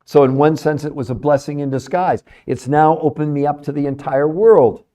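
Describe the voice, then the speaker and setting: A man's voice: fairly high pitch, steady tone, moderate pace, mellow. A middle-aged man hosting a live stream, talking to chat viewers in an emphatic, salesy way and repeating his points for effect. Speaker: livestream host, nutrition researcher.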